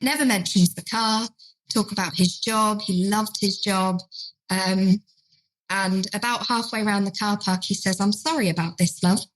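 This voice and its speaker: Woman dementia trainer, lively retelling. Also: medium pitch, measured pace, poor audio. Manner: acts out carers' and residents' lines in quoted voices. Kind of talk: podcast conversation, storytelling.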